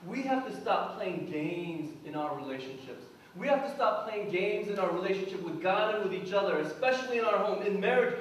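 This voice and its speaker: A man's voice: high-pitched, expressive, a little fast, hardly any pauses, recorded from a distance, a little hiss or hum. A man preaching a sermon as pastor, earnest and acting out prayers and quotes. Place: church sanctuary. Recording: echoey church hall, from afar.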